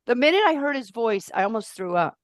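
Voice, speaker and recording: A woman guesting on a podcast, talking in an emphatic, outspoken, animated way with big swings in pitch. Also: fast talker, no room sound, clean studio sound. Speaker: podcast guest, life purpose coach. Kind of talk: casual podcast conversation.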